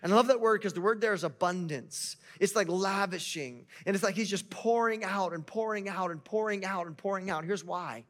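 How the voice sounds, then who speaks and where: A man's voice: high voice, fairly quick, few pauses, fairly bright tone. A male pastor preaching a sermon in a conversational way, asking the congregation rhetorical questions.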